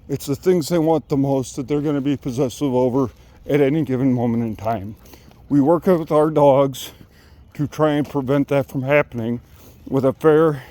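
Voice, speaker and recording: A man's voice: medium pitch, warm tone, no echo. A man talking as a dog trainer while walking his dog, rambling, restarting words and out of breath. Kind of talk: rambling talk to camera.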